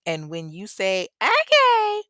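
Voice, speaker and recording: Brief: young woman podcast host, low-pitched, slangy and chatty, dry close mic. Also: measured pace, fairly bright tone, no echo. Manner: chatty, slangy, laughing asides. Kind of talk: casual podcast chat reading listener reviews.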